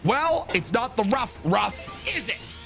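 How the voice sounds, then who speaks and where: High-voiced joking male streamer. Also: sing-song, slow pace, creaky, music in the background. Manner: joking, profane, teasing banter; reads viewer messages aloud. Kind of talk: casual gaming livestream chat.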